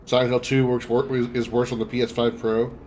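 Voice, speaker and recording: A man's voice: medium pitch, flat delivery, brisk, a little mellow. A male streamer chats casually over his gameplay in a mid-range voice. He is wry and self-deprecating, with a faint hiss of noise behind him.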